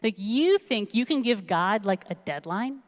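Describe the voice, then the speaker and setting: A woman's voice: mid-range voice, animated, a little slow, lightly acted. A woman voicing a stern, pious widow scolding the town's leaders, in a hall with long reverb. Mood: indignant. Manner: indignant, scolding.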